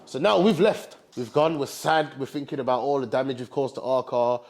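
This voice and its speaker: A young man from England telling a story in a casual, animated way, full of slang like bro and fam. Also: mid-range voice, fairly quick.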